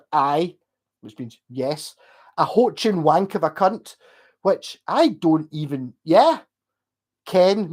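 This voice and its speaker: A man's voice: on the high side, a little mellow. A man, chatting casually to his livestream audience and laughing as he talks. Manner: chatty, laughs while talking.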